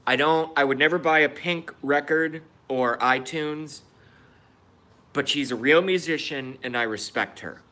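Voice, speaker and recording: Bright-voiced man ranting on a stream. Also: a little high, measured pace, a little hiss or hum. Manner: blunt, swears freely, reacts to chat. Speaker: livestream host. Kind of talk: casual livestream rant.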